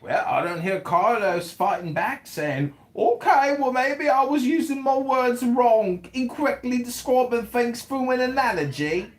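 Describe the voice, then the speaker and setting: A woman rants in a put-on British accent, hurling crude mocking insults. Her pitch swings widely and her voice sits slightly high. The recording is echoey. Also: animated, measured pace, hardly any pauses. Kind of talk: heated comedic podcast banter. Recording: echoey room.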